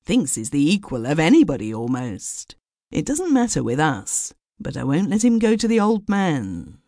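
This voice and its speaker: A woman's voice: low-pitched, huge pitch swings, moderate pace, warm tone, no room sound, studio quality, heavily acted. A woman doing an amused, offhand pipe-smoking friend.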